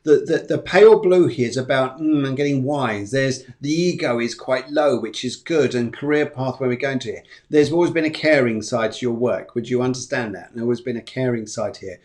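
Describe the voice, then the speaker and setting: A man's voice: mid-range voice, fairly quick, hardly any pauses, darkish tone. A man, a medium on a live stream, giving rambling, repetitive, reassuring readings. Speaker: psychic medium.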